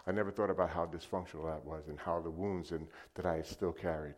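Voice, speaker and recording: A middle-aged man delivers a sermon in a deep, low voice. He tells a personal story, calling out loudly to the congregation one moment and dropping to a hushed tone the next. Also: fairly even intonation, fast talker. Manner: storytelling with shifts from loud to hushed. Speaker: preacher.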